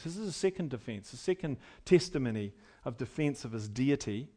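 A man preaching an expository sermon, moving between quiet teaching and loud, emphatic passages, with conversational fillers. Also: medium pitch, lively intonation, moderate pace.

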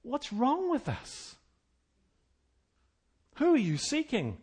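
High-voiced preaching man, dramatic swings. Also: huge pitch swings, takes it slowly, slightly rough. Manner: dramatic swings between loud preaching and quiet storytelling; folksy, with asides and chuckles. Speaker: pastor. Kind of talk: sermon.

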